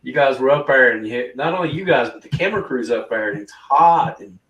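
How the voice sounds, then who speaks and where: A man in casual chat, a host adding quick, chatty remarks between another speaker's lines. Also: medium pitch, animated, a bit bright, lo-fi sound. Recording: distant, echoey room sound.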